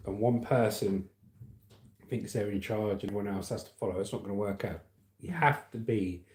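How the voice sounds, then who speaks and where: A man's voice: lowish voice, warm tone. A middle-aged man hosting a casual livestream, reading out viewer comments and news with a chatty, laughing manner. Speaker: livestream host. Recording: echoey room.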